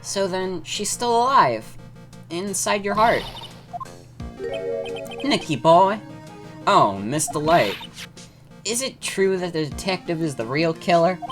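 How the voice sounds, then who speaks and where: A woman's voice: lowish voice, expressive, slow, pauses often, over music, pitched above the performer's own voice. A woman reading a chirpy young assistant. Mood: curious. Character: cheerful young female assistant.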